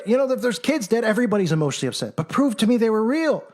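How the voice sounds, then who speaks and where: A man's voice: high voice, big pitch swings, very fast. A man delivering an argumentative monologue, combative and mocking, firing off rhetorical questions and mimicking his critics. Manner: acts out critics in mock voices. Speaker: commentator.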